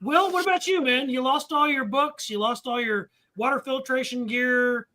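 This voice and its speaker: A man with a notably high, bright voice runs a casual group chat during a card game. He jokes loudly, teases the others and laughs easily. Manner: joking, loud teasing, quick to laugh. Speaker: host.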